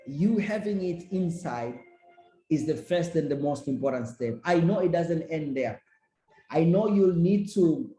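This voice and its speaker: A man's voice: on the high side, warm tone, echoey room, low-quality recording. A man giving a motivational business training talk, repeating key lines emphatically to encourage his listeners.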